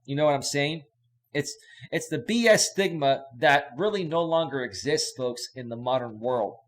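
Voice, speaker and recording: A man's voice: a little high, normal speed. A man coaching on relationships in a casual live stream, emphatic and repetitive, reading out viewer questions. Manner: emphatic, repetitive, reads chat questions aloud.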